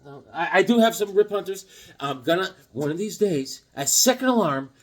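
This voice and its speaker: A man's voice: high-pitched, normal speed. A middle-aged man chatting casually and enthusiastically as he shows off his comic book pickups, cracking jokes along the way. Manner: enthusiastic, excitable, joking. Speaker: comic collector vlogger. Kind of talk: casual chat showing comics.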